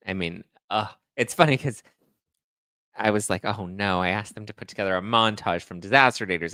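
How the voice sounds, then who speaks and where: A man hosting his own podcast, talking in a halting, emotional way with many fillers and pauses. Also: low voice, pushed and bright, dry recording. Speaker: podcast host. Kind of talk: emotional casual monologue.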